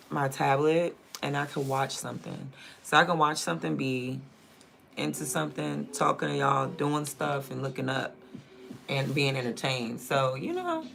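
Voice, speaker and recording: A man from Prince George's County, Maryland, with a DMV (Washington, D.C. area) accent chats casually on his livestream, rambling and thinking out loud and trailing off mid-sentence. His mid-range voice is creaky and a bit bright.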